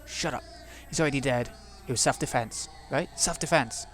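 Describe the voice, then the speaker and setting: A man's voice: medium pitch, moderate pace, fairly bright tone, slight background noise, natural voice. A man reading the lines of panicked male construction workers in a visual novel, frantic and breathless.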